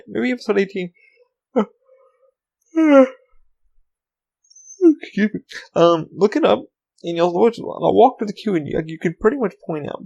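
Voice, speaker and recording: Gravelly man rambling on a podcast. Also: sits high, darkish tone, low-quality recording. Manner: rambling, swears freely, frequent ums. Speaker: podcast host. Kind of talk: casual solo podcast chat.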